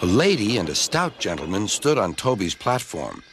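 A man reading a children's storybook aloud as narrator, in a gentle, expressive way. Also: lowish voice, normal speed, loud music behind the voice.

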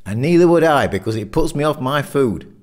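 A man's voice: lowish voice, normal speed, natural voice. A man voicing Jeff, a jokey friend at the pub. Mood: jovial. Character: Jeff, a loud jovial pub mate.

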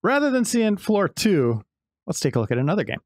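A man's voice: high voice, sing-song, a little fast, a little mellow. A man co-hosting a gameplay show, chatting and laughing as he plays. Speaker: co-host. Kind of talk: casual gameplay commentary.

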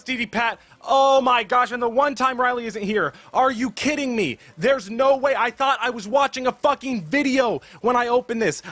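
A man hosting a gaming channel, chatting casually as he opens game cases, excitable and swearing with loud bursts of disbelief. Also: extremely high pitch, moderate pace, hardly any pauses, no echo. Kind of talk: casual live commentary while opening game cases.

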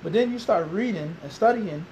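Here the interviewed Islamic teacher, a thirty-something man from Philadelphia, USA, with the city's accent, sounds high, expressive and brisk, with a darkish tone. The recording is rough, with slight background noise, as his interview drifts into a lecture of rhetorical questions to the room and repeated points.

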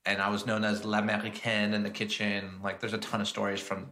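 Bright-voiced man telling chef stories. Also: fairly low pitch, brisk. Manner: animated, slips into lively acted-out voices in his stories. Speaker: guest chef and entrepreneur. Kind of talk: casual storytelling interview.

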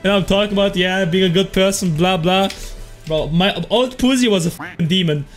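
A young man streaming a game, chatting casually with slang, laughing and jumping into sudden high yelps. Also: brisk, soft background music. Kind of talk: casual gaming livestream chat.

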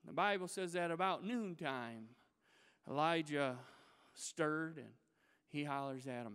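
A male pastor preaches in a church sanctuary, telling a Bible story with lively, dramatic flair. His voice is pitched high for a man and is smooth and resonant. A long reverb trails off the room. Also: a little slow. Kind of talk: sermon.

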